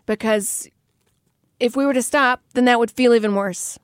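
A woman's voice: a little high, normal speed, clean tone, dry recording, clean studio sound. A woman co-hosting a podcast, chatting casually in a reflective, candid way with the odd swear word. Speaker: podcast co-host. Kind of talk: casual chat.

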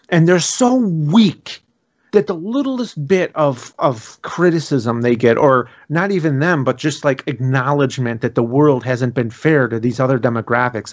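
Man, gravelly voice, heated podcast rant, profane, muffled mic. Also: on the high side. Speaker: podcast co-host. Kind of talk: casual chat.

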